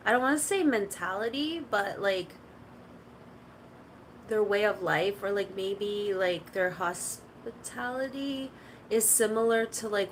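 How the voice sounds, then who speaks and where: A live streamer with a mid-range voice chats casually to her viewers, rambling through stories and saying "like" constantly. The recording is low quality with slight background noise.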